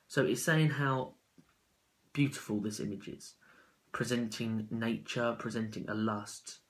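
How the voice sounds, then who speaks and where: A man giving an unscripted spoken analysis of a poem as a student, halting and correcting himself as he goes. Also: fairly low pitch, fairly even intonation, low-quality recording. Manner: halting, with self-corrections and fillers.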